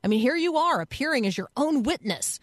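A woman's voice: high voice, big pitch swings, a little fast, no echo, clean studio sound. A woman radio host giving a conversational Bible teaching in an earnest, explanatory way, thinking aloud as she goes.

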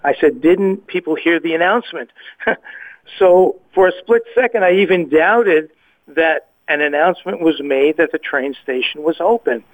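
A man's voice: fairly high pitch, normal speed. A man giving a personal faith testimony as a guest, hesitant, often repeating and restarting his words. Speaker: guest sharing a personal story. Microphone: phone call. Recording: tinny phone line.

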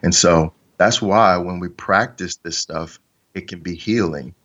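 A man's voice: low-pitched, a little slow, fairly bright tone, dull audio. A man interviewed as a podcast guest, telling a story in an earnest, reflective way with trailing restarts.

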